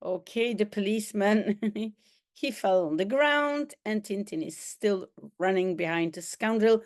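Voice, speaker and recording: A woman teaching a French lesson by reading a comic aloud, translating as she goes, with sound effects and acted lines. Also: medium pitch. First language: Dutch. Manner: slow, animated reading with sound effects and quoted voices. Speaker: language teacher.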